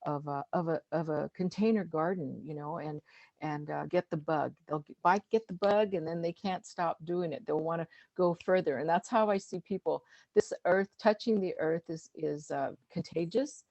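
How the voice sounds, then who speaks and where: A middle-aged woman speaks in a very low, gravelly voice, pausing often with fillers and restarting her thoughts. Her talk is casual and conversational, like a guest on a video call. The sound is dry and close, with no room around it. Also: darkish tone, no echo, muffled recording. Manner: halting, many fillers and restarts. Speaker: guest speaker, master gardener.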